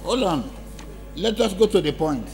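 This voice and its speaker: A man presides over a parliamentary debate in a gravelly, fairly high voice. He speaks slowly and deliberately, and he is firm and emphatic when he rules. Faint music sits underneath. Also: sing-song. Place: parliament chamber.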